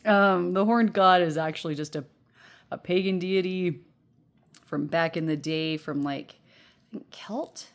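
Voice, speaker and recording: A woman in her thirties with a low-pitched voice gives a casual pick-a-card tarot reading from home. She talks into earbuds in a loose, rambling way, full of fillers, and laughs often as she goes. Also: measured pace. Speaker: tarot reader.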